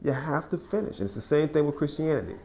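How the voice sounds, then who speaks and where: A man's voice: on the high side, fast talker, dull audio, a little hiss or hum. A man leading an informal verse-by-verse Bible study in a small cafe, folksy and conversational, with frequent restarts and you-knows. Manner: informal, folksy, builds to excited sports stories.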